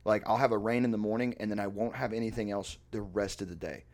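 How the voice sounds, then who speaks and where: A man co-hosting a casual podcast, telling a story with lots of swearing and getting loud when he acts out other people. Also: fairly low pitch, fast. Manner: animated storyteller, swears freely, gets loud acting out others. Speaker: podcast co-host. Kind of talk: casual chat.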